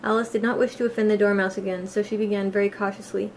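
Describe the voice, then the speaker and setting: Lady reading a storybook aloud, steady and plain, mid pitch, faint hiss behind. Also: fast talker. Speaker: audiobook reader. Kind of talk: storybook narration.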